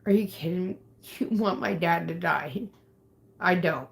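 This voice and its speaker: A woman's voice: lowish voice, measured pace, vocal fry. Angry swearing woman streamer. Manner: agitated, swearing, threatening viewers. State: upset. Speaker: livestreamer. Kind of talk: angry livestream rant.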